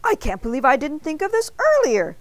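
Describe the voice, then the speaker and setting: A woman doing a gentle kind man. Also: medium pitch, big pitch swings, normal speed, no echo, close to an everyday voice. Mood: eager. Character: kind gentle adult man, a doughnut's owner.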